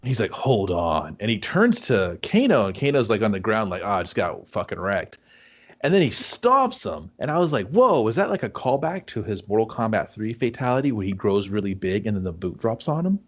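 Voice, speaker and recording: Profane, lively-voiced man riffing on a movie. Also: fairly low pitch, brisk, hardly any pauses, lo-fi sound. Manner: profane, rambling, acts out quotes. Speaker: podcast co-host. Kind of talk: casual movie review chat.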